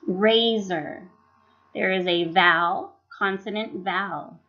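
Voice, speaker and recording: With a medium pitch and a slow pace, a teacher narrates scripted professional development material as a slide voice-over. She carefully sounds out syllables and words, and the recording is dull and lo-fi.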